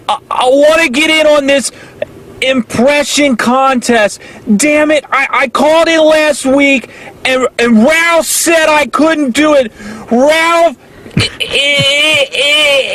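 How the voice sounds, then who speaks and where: A man's voice: extremely high pitch, fairly even intonation, slow, pushed and bright, exaggerated voice, poor audio. A man voicing a combative, foul-mouthed man with a heavy stutter who keeps getting stuck on words. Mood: ranting. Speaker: caller doing an impression.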